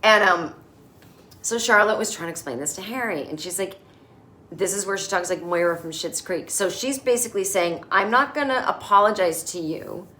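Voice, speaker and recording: A middle-aged woman hosting a casual comedic recap, sarcastic and animated, quick to mimic characters in exaggerated voices. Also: fairly low pitch. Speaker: podcast host recapping a TV episode.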